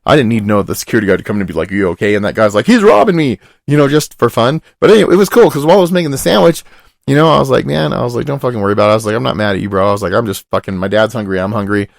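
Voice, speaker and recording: A man's voice: on the low side, racing, vocal fry, no room sound, clean studio sound. A young man telling a long rambling story on a podcast, swearing often and dropping his voice to quote other people. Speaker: podcast host. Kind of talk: casual storytelling.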